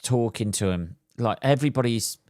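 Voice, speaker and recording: A man, a podcast host and stand-up comedian, ranting casually and swearing, swinging between loud outbursts and mutters. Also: mid-range voice, moderate pace, no room sound, studio quality. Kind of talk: casual solo podcast rant.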